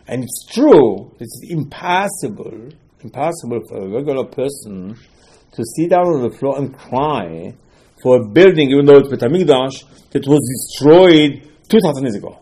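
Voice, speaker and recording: Man, Torah lecture, animated storytelling, rhetorical questions, husky, mellow. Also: medium pitch, a little fast. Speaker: rabbi.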